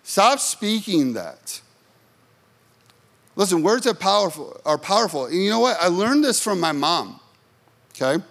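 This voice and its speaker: Animated high-voiced male preacher. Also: fairly quick, vocal fry. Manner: chatty, storytelling, asks the congregation questions. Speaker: pastor. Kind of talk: sermon.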